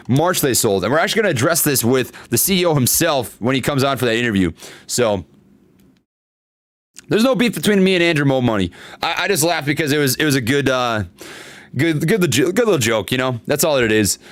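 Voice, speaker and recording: Man, stock livestream host, casual chat, animated, fillers and repeats, higher voice, dry close sound. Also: dry recording. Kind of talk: casual livestream chat reading viewer comments. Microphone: desktop studio microphone.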